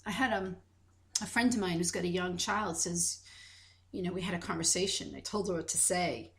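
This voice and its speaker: A woman's voice: on the low side, normal speed, gravelly. A woman co-hosting a podcast in casual chat, telling stories animatedly and acting out quoted dialogue. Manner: animated storytelling, acts out quoted dialogue, many restarts. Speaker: podcast co-host.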